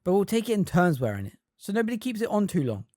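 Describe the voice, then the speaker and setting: A fan reader voicing a brisk, bossy teenage girl witch who is impatient and anxious. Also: mid-range voice, sing-song, a little mellow, dry recording, studio quality, pitched above the performer's own voice, lightly acted.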